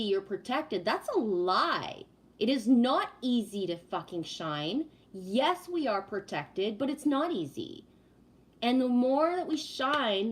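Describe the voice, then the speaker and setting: A woman hosting a casual spiritual livestream, reading viewer comments and venting bluntly, with lots of swearing and repeated "right?" tags. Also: fairly high pitch. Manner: emphatic and profane, rhetorical "right?".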